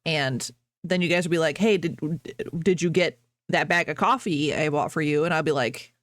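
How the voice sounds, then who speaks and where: A woman's voice: deep voice, normal speed, dry recording, clean studio sound. A woman streamer chatting casually with her viewers, rambling, laughing often and breaking off mid-sentence.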